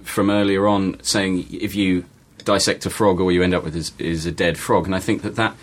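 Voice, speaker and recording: A man's voice: sits low, fairly even intonation, moderate pace. A man chatting on a panel, playful and wordy, holding forth at length on ideas. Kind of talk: casual panel chat.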